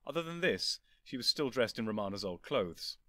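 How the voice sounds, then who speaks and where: Man, audiobook narration, expressive storytelling, animated pitch, dry close sound. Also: normal speed, no echo.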